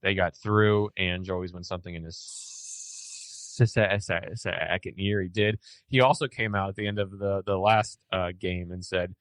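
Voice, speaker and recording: A man's voice: deep voice, fairly even intonation, unhurried, fairly bright tone, dry recording. A man hosting a casual sports podcast, rambling through news with many fillers and restarts. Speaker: podcast host.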